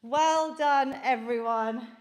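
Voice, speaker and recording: A woman's voice: high voice, slow. A woman leading a live workout from a basement home studio, talking into a handheld mic, encouraging and counting reps aloud, out of breath. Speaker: fitness instructor.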